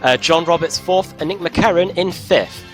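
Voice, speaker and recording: A man commentating sim racing who briskly reads out starting positions. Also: a little high, soft background music. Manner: brisk, reads out lists of names. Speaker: race commentator.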